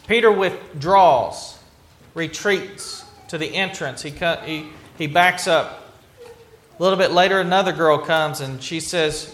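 A man's voice: on the high side, a little slow, a bit bright. A man preaching a sermon, retelling a scripture story earnestly, with frequent restarts. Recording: echoey room.

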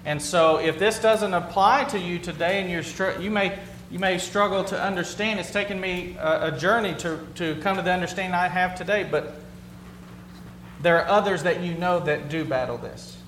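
High-voiced pastor in a roomy hall. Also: male voice, moderate pace, fairly bright tone. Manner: earnest, plain-spoken, repeats and restarts phrases. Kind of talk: conversational sermon. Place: church sanctuary with a congregation. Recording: roomy hall sound with faint hum.

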